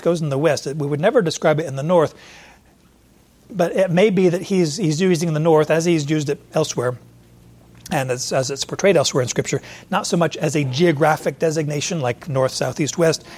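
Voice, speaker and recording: A man's voice: on the high side, a little mellow, breathy edge. A man with a slightly raised voice preaching verse by verse. He talks it through conversationally, searching aloud for verse numbers with fillers and now and then turning to ask a listener questions directly. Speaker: pastor. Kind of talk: expository sermon.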